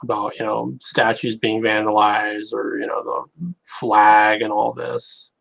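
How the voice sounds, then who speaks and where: Gravelly man rambling to camera. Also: fairly low pitch, level tone, fairly bright tone, poor audio. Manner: rambling, halting, wry. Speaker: online creator. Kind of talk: casual monologue to camera.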